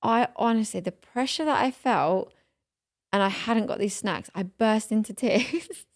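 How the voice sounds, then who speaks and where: A woman's voice: mid-range voice, a little slow, no room sound, studio quality. A woman in her thirties, co-hosting a podcast and telling a story in casual chat, full of fillers and emotion. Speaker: podcast co-host.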